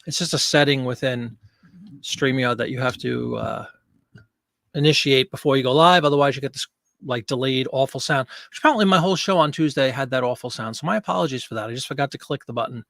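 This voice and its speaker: A man's voice: mid-range voice, quick pace, gravelly, fairly bright tone, dry recording. A man hosting a casual live stream from a home studio, chatty and jokey, greeting viewers by name. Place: home studio with green screen. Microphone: desk microphone.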